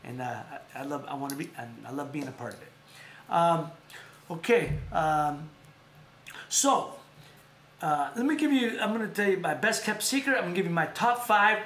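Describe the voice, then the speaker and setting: A man's voice: on the high side, expressive, moderate pace, a bit bright. A man hosting a casual talk show, rambling and repeating himself as he plugs sponsors. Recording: echoey room.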